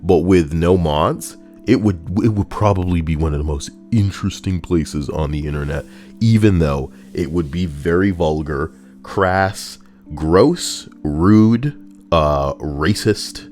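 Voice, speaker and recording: A man's voice: low-pitched, slow, a little mellow, faint music behind. A young man casually reading forum posts aloud and riffing on them, sarcastic and rambling with loose asides.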